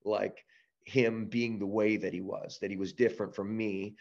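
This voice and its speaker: A man from Canada, a guest on an interview show, telling a personal story in a casual, animated way with frequent restarts. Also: on the low side, normal speed, gravelly, muffled recording. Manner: animated storyteller, many restarts and "you know". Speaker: podcast guest, breath-work business founder.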